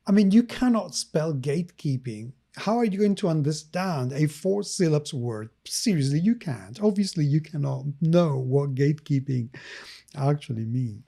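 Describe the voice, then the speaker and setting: A man's voice: fairly high pitch, expressive, measured pace, creaky, warm tone. Sarcastic, laughing male podcast host. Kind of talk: casual podcast chat.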